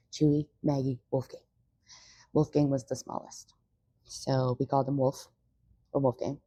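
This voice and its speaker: A woman's voice: very deep voice, dark tone, husky. A young woman chatting casually in a vlog, rambling and swearing freely. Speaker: vlogger. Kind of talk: casual chat.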